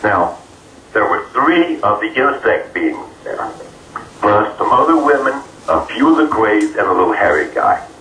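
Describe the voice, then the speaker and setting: A man being interviewed, telling a personal story in an earnest, halting way with many fillers. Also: fairly low pitch, big pitch swings, sharp tone. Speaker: interview guest. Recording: roomy, distant mic, faint noise.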